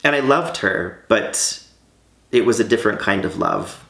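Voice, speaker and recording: A man's voice: on the low side, expressive, measured pace, gravelly, fairly bright tone, roomy sound. A man in his late thirties who vlogs. He tells a personal story in a candid, heartfelt way. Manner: candid and heartfelt, with light laughs. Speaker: vlogger.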